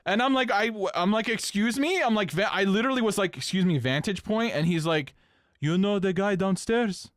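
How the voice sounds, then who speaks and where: A man's voice: brisk, few pauses, no echo. A man co-hosting a casual podcast, recounting a story with a voice that climbs and dips all over as he gets incredulous. He swears freely and the sound is dry and close. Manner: animated, swings pitch up when incredulous, swears casually. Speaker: podcast co-host.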